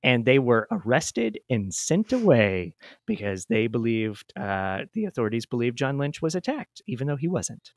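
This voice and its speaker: A man's voice: mid-range voice, big pitch swings, moderate pace, dry recording, studio quality. A man with a Midwestern American accent, hosting and telling a true story in a chatty, self-deprecating way. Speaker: podcast host. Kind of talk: casual storytelling chat.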